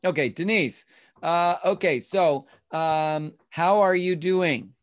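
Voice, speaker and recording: A real estate instructor with a mid-range voice teaches an online class over a video call, taking it slowly. The explanation goes step by step, with sample lines acted out.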